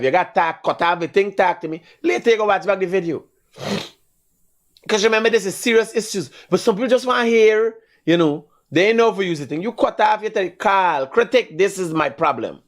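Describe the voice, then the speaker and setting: A man with a Guyanese accent hosting a call-in talk show, blunt and quick to scold his callers. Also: high-pitched.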